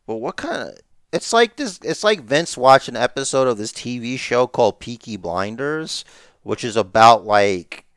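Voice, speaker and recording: A man's voice: mid-range voice, lively intonation, normal speed, a bit bright, no room sound, studio quality. A man co-hosting a podcast, chatting casually with lots of restarts and jokes. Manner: rambling, joking, many restarts. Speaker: podcast co-host. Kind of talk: casual wrestling chat.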